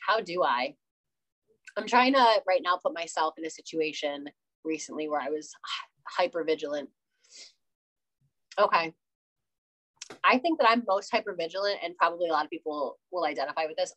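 A young adult woman talking as a guest in a casual interview, animated, laughing often and acting out quoted exchanges. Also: lowish voice, poor audio.

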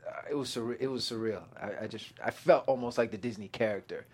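A young man chatting as a guest actor in an interview, excitable, laughing often and acting out his own quotes. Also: mid-range voice, quick pace. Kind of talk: casual interview chat.

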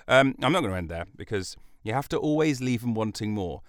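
A man's voice: medium pitch, big pitch swings, fairly quick, no room sound. A man hosting a solo podcast from a studio, rambling through jokey, self-interrupting asides. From United Kingdom. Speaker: podcast host. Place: recording studio.

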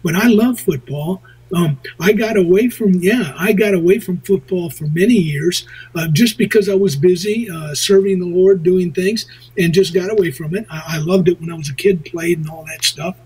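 A man hosting a show, telling rambling stories in casual chat with a husky voice. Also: high voice, normal speed, darkish tone, rough recording. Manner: rambling, chuckling storyteller. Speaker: radio show host.

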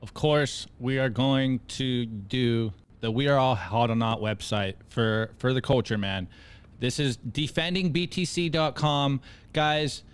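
Male co-host, smooth clean voice, earnest and rallying, casual livestream chat. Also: mid-range voice. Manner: earnest, rallying, says bro and guys.

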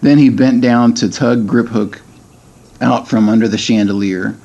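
A man's voice: medium pitch, steady tone, unhurried, dark tone, highs cut off. A middle-aged man, a podcast guest, chatting casually and reading a book aloud, hesitant with many ums and restarts.

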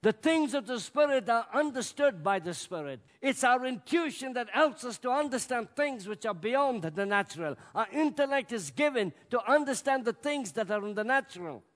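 A man preaching a sermon with emphatic delivery that swells to loud peaks. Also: very high voice, lively intonation, normal speed, hardly any pauses. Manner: emphatic, rising to loud peaks, acts out scripture voices. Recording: long hall reverb.

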